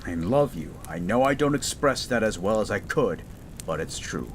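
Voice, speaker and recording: A man playing a gruff, tender young med student. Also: fairly low pitch, very animated, moderate pace, slight background noise. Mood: tender worried. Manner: gruff but tender, pleading. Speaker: audio roleplay voice actor. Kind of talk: romantic audio roleplay.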